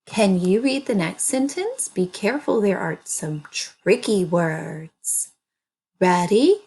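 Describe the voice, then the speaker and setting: Woman teacher sounding out words for little kids, super slow, pitch bouncing all over. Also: animated, darkish tone. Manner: slow, clearly sounding out words for young children. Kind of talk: early reading lesson.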